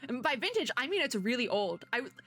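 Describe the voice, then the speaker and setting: A woman doing let's play commentary, reading game text aloud and chatting in an excitable, nervous way. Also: fairly high pitch, fast talker. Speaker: gaming video creator.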